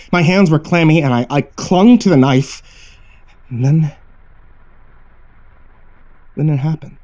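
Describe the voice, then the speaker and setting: A man narrates a first-person horror tale in a mellow, darker voice, building tension with dramatic pauses. He tells it as the host of his own story channel. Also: fairly high pitch.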